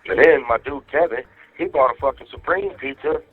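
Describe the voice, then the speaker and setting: A man's voice: medium pitch, animated, fairly quick, slightly rough. A man calling his wife from jail, venting in a heated, profane way. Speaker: inmate on a jail phone call. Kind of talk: phone call to his wife. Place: jail phone. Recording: tinny jail phone line, faint music.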